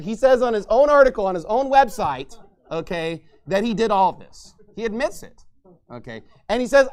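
A man with a high-pitched voice preaches a fiery, combative sermon from his own pulpit. His delivery swings into angry, mocking outbursts, with shouting at times. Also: big pitch swings, normal speed. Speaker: pastor.

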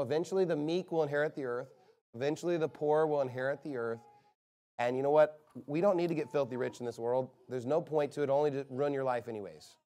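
Guy preaching hard from the pulpit, punchy emphatic delivery, kinda high voice. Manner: forceful, emphatic preaching with rising bursts. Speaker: pastor. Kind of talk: sermon.

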